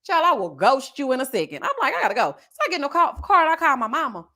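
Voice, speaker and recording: A woman's voice: sits high, big pitch swings, fast, sharp tone. A young woman from Houston, telling a personal story in a sassy, dramatic way. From Houston, Texas. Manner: sassy, dramatic, acts out quoted voices. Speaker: commentary channel host. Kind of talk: storytelling chat.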